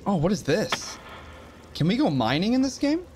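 A man's voice: sits high, big pitch swings, moderate pace, background noise. A man commentating a survival horror game as he plays, often startled and talking to himself. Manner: jumpy, frightened exclamations and muttering to himself. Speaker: gaming channel host. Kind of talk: let's play commentary.

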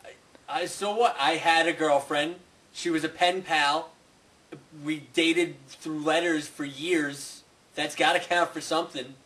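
A man's voice: a little high, fairly even intonation, measured pace, fairly bright tone, distant mic. A young man in a comedy sketch, talking in an exasperated, incredulous way.

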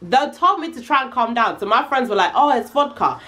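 A young woman telling a casual, slangy storytime, animated and full of swearing. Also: on the high side, a little fast. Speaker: vlogger.

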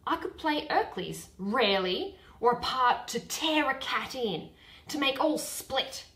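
A woman's voice: sits high, animated, measured pace, a bit bright, roomy sound, low-quality recording. A woman doing a blustering, boastful weaver. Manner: grandly declaiming, overplaying every line. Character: boastful eager male weaver, loud and showy.

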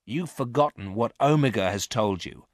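A man voicing a sly, confident male stranger who talks quickly and a little higher. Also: expressive, no room sound, studio quality, lightly acted.

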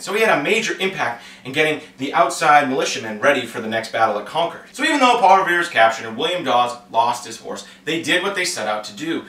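Upbeat guy explaining history, bright voice that jumps around a lot, kinda far from the mic in an echoey room. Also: fairly high pitch. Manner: playful, acts out quick comic voices. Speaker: history teacher. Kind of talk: casual educational explainer.

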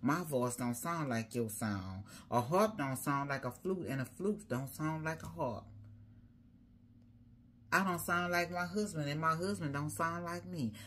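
A woman's voice: deep voice, measured pace, a bit bright, slight background noise. A woman preaching a sermon as a prophetess, rhythmic and repetitive, building her points through repeated phrases.

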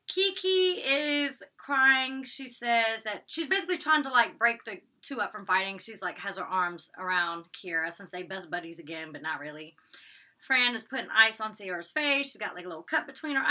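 A woman's voice: fairly high pitch, sharp tone. A young woman in a casual recap vlog, talking in a blunt, sassy way with speech patterns, swearing freely and laughing often. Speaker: TV show reviewer.

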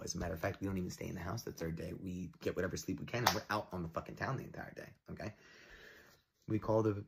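Excitable man telling a story. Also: sits low, slightly rough. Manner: excited, profane, imitates noises, shouts for effect. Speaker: storyteller in a played clip. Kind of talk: animated spoken storytime. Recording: noisy clip audio with clicks.

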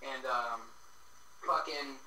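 A man's voice: mid-range voice, steady tone, slow pace, pushed and bright, a little hiss or hum, poor audio. A young man from Canada in a casual chat, crude and joking.

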